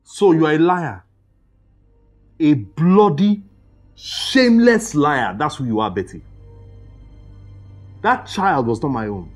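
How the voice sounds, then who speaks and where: A furious betrayed husband, hurling bitter accusations in a husky voice. His pitch swings wildly between outbursts. A faint film score sits under the scene. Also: very animated, moderate pace, pauses often, faint music behind. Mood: angry. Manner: bitter, accusing, shouting in bursts. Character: furious betrayed husband, young adult man.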